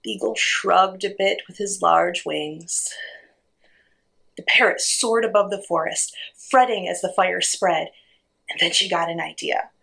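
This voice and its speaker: A woman reading a children's story aloud, expressive and gently animated. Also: lowish voice, measured pace, creaky, slightly rough, rough recording.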